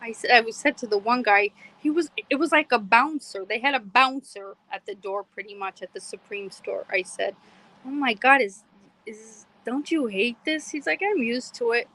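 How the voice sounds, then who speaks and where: A middle-aged podcast host from Pennsylvania, her voice a touch higher than most women's. She tells her stories casually and with lots of animation, slipping into the other people's lines and laughing along the way. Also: moderate pace, low-quality recording. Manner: animated, quotes herself and others, laughs often. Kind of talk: casual storytelling.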